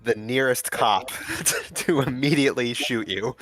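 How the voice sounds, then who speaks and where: A man's voice: medium pitch, a little slow, fairly bright tone, faint music behind. Wisecracking man at the game table. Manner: joking running commentary. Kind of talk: casual tabletop game play.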